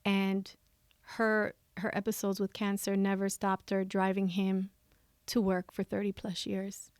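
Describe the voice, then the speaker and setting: A woman guesting on a podcast speaks at medium pitch and a measured pace, her tone clean in a studio recording free of room sound. She shares candid, lively stories, laughing frequently and performing the lines she and others said, her own thoughts included.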